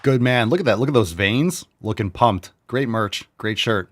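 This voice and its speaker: A man in his forties from New York hosting a fitness show, reading viewer meals aloud in a loud, brash, profane, riffing way. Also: medium pitch, animated, moderate pace, a little hiss or hum. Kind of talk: casual chat reading viewer posts.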